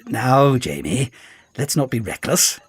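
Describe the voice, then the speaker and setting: A gentle, slightly dazed doctor from a storybook, voiced by a man in a soft, quiet tone. His voice is a little husky and he speaks mildly. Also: mid-range voice, big pitch swings, takes it slowly, dry recording, soft background music, heavily acted. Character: calm, dazed older male doctor, gentle.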